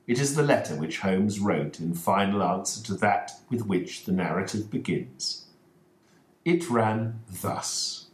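A male storyteller with a low voice who reads slowly and deliberately. His pitch rises and falls expressively, and the room gives a noticeable echo. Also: expressive. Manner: slow deliberate reading. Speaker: narrator. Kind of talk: storybook audiobook reading. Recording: roomy echoing recording.

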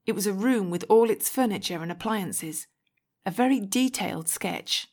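Woman reading an audiobook, clear and measured, first-person story, mid pitch. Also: a little mellow. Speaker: audiobook reader.

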